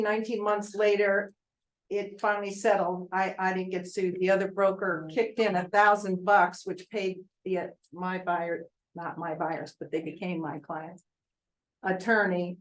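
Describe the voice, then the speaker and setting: A woman's voice: medium pitch, fairly even intonation, measured pace, low-quality recording. An older woman, a veteran real estate agent, talks informally to a group of colleagues, telling chatty stories and asking the audience questions.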